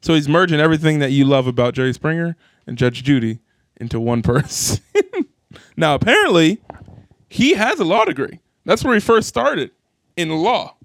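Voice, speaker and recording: Young male co-host, upbeat and jokey, a touch high-pitched, recorded dry. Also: no room sound. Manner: animated, joking, quick asides. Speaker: podcast co-host. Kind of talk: casual chat.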